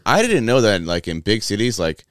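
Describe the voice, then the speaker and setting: A man from Florida co-hosting a podcast, teasing his partner with lively, stammering restarts. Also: fairly low pitch, normal speed, no room sound, clean studio sound. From Tallahassee, Florida. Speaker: podcast co-host. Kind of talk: casual chat.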